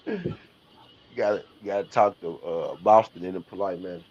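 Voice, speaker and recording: A Southern US man hosts a live basketball watch party stream, joking around, trash-talking, using slang, and laughing a lot. His voice sits low, with a darkish, breathy tone at normal speed. The stream audio is dull and lo-fi.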